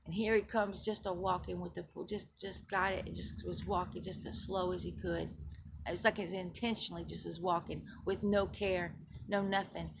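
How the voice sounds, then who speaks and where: Gravelly-voiced woman, earnest dream storytelling. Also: on the low side, fairly even intonation, normal speed, noisy background. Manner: earnest, emphatic, repeats herself, restarts phrases. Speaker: Christian video blogger. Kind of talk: recounting a dream and its spiritual meaning.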